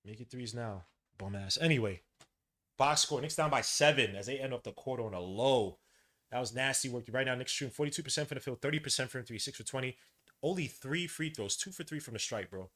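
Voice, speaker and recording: A man hosting a podcast, giving live play-by-play commentary and stats with excitable, frustrated, slangy outbursts. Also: mid-range voice, fast talker. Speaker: podcast host.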